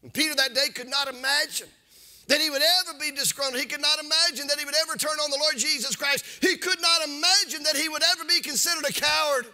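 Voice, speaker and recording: A man preaching a sermon as pastor, impassioned, with a sing-song cadence that rises into shouts and repeats words for emphasis. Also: very high voice, steady tone, fast.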